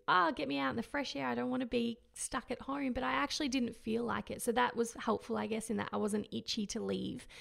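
A fairly high-pitched woman in her thirties whose voice carries heavy vocal fry throughout. She talks candidly and reflectively about her own experience, casual and unscripted, with fillers and soft laughs. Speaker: mother sharing her postpartum experience. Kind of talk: casual personal monologue.

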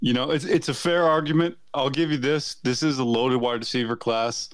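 A man's voice: medium pitch, steady tone, moderate pace, no echo. A man discussing football draft picks as a podcast guest, confident and argumentative. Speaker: NFL editor, podcast guest. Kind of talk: sports analysis chat.

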